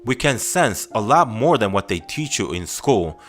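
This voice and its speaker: A man reading first-person scary stories aloud in a steady, grim, confessional storytelling manner. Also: fairly low pitch, normal speed, faint music behind.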